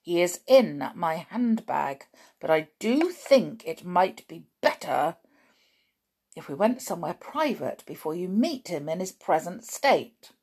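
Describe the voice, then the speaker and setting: A woman voicing a firm, patient grandmother in her old age who speaks in a calm, measured way in a storybook reading. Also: lowish voice, breathy edge, heavily acted.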